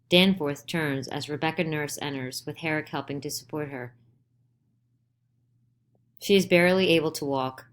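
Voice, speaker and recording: A woman reading the stage directions of a play aloud in a plain, measured way. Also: low-pitched. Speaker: audiobook reader.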